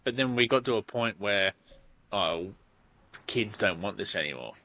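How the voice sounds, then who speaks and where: Casually chatting as a podcast co-host, this Australian man in his thirties rambles through sweary stories. His voice is on the low side, expressive, pushed and bright, at a moderate pace.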